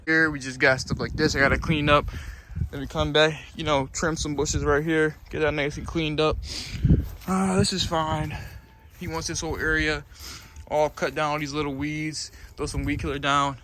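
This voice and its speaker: A man's voice: fairly high pitch, level tone, normal speed, pushed and bright. A man walking through a backyard job he is vlogging, talking loosely with lots of fillers, a little out of breath. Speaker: landscaping business owner vlogging a job. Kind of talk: casual vlog walkthrough. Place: outdoor backyard. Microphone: phone camera. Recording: noisy outdoor phone recording.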